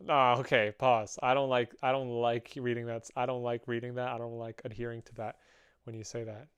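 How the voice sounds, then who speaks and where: Relaxed and joking, a young man talks with his viewers while drawing live, his heavy breathing audible on a close mic. His medium-pitched voice moves fairly quickly and has a clean tone.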